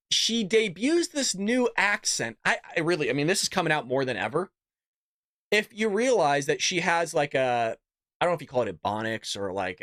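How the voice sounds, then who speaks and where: Male host for political commentary, mocking and sarcastic, animated pitch, dry close mic. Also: no room sound. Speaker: show host.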